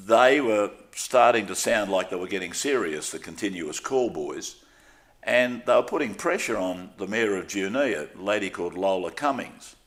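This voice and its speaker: This is an older man from Australia who works in sports broadcasting, speaking with a lowish voice. Relaxed and interviewed, he shares anecdotes openly while poking fun at himself.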